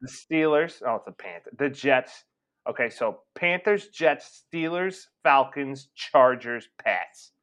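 A man's voice: medium pitch, expressive, slow, fairly bright tone. A man co-hosting a sports podcast in casual chat, rambling, joking and swearing. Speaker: podcast co-host.

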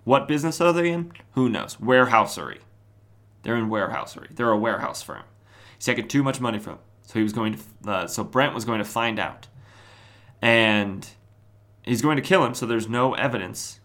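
A podcast host casually retelling an old comic book story, with wry asides and quick mock voices for the characters. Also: male voice, mid-range voice, lively intonation, fairly bright tone.

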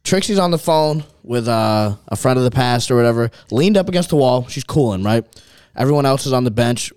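A young man hosting a casual chat, telling a rowdy night-out story in an animated, profane way and laughing along as he goes. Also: medium pitch, a little fast, smooth, no room sound, studio quality. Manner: animated, profane, laughs through his stories.

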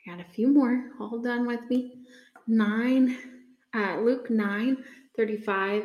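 A woman giving an unhurried, earnest devotional talk with many pauses and ums, reading scripture aloud. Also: mid-range voice, darkish tone. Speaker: speaker sharing a faith reflection. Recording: echoey room.

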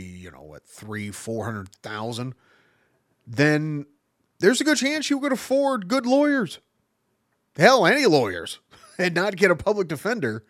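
A man chatting on his own podcast in a loose, rambling way, swearing freely and cracking himself up. His pitch jumps around a lot as he talks, and the sound is dry and close to the mic. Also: no room sound. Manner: rambling, profane, giggly. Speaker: podcast host. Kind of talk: casual chat.

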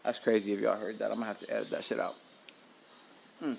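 A man's voice: lowish voice, quick pace, gravelly, slight background noise. A man hosting his own podcast from home, telling stories casually and animatedly with plenty of swearing. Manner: animated, profane, laughs at himself. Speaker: podcast host.

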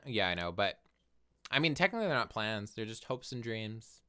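Young dude podcasting, bright smooth voice, super expressive, goofy high voices for quotes. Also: male voice, normal speed. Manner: expressive, swings into high playful voices when quoting. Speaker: podcast co-host. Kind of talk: casual podcast chat.

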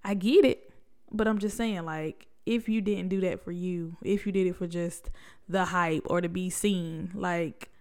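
A woman's voice: fairly low pitch, fairly even intonation, measured pace, darkish tone, smooth. A young adult woman hosts a solo podcast, talking in a conversational, reflective way full of rhetorical questions. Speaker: podcast host.

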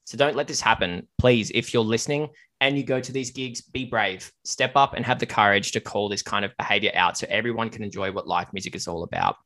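A man's voice: on the low side, brisk, bright, forceful tone, no room sound. A man hosting a casual podcast chat, earnest on serious points and joking with his guests. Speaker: podcast host.

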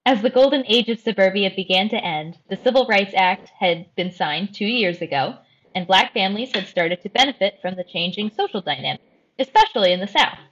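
A woman hosting a podcast and telling a true crime story in a careful, measured way. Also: medium pitch, animated, a bit bright, dull audio. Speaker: host.

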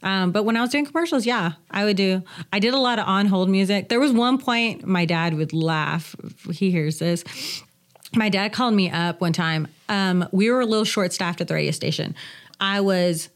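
A woman in her forties, a business owner and guest on a podcast, telling stories in an animated, chatty way with frequent laughs. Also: medium pitch, normal speed. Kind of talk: casual interview storytelling.

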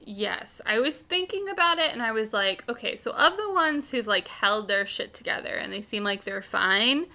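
A woman's voice: a little high, lively intonation, moderate pace, hardly any pauses, pushed and bright. A young woman co-hosting a podcast in casual chat, upbeat and filling her talk with "like". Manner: upbeat, says "like" a lot. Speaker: podcast co-host.

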